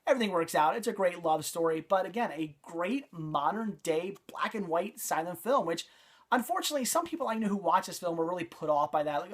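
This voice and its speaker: A man's voice: sits high, lively intonation, brisk, a bit bright. A man giving a casual, enthusiastic movie review, talking off the cuff with frequent restarts and repeated praise.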